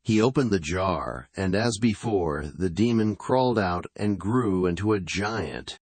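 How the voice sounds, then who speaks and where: A man narrating a bedtime story calmly, switching into voices for the characters. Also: deep voice, a little slow, no room sound. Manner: calm storytelling with acted voices.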